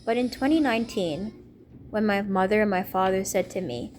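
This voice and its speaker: Woman, young adult, vlogger, earnest, rambling, personal testimony, mid-pitched, faint hiss. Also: moderate pace. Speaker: vlogger speaking to camera. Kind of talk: personal testimony and religious appeal.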